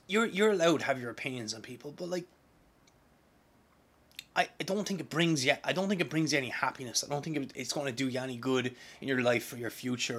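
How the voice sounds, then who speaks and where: A young man from Ireland hosting a podcast, talking in an excitable, profane, rambling way with many restarts. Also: medium pitch. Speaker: podcast host. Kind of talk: casual podcast monologue.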